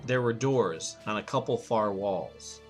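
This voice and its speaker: Man narrating over soft music. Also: on the low side, lively intonation, unhurried. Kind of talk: scripted story narration.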